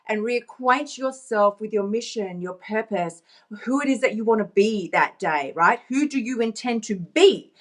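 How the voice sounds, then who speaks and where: A woman coach giving a bubbly, playful and emphatic motivational vlog, talking into her phone. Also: mid-range voice.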